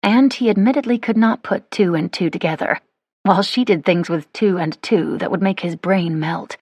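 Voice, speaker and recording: A woman narrating a romance audiobook in a measured, wry storytelling manner. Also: mid-range voice, darkish tone, husky, dry recording. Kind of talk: scripted narration.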